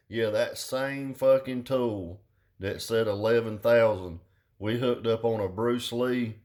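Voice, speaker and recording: A middle-aged man with a drawl talks in a loose, rambling rant. He is blunt and profane and full of slang. His voice sits at an ordinary, mid-range pitch. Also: slow, a little mellow. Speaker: car audio vlogger.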